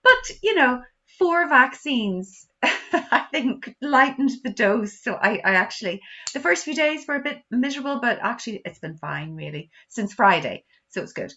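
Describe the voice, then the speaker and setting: A bright, chatty woman telling a story with frequent laughter over a video call. She is getting over covid. Her voice comes through dull and lo-fi. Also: on the high side, very animated, normal speed. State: recovering from covid. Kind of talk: casual video call chat. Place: son's bedroom at home.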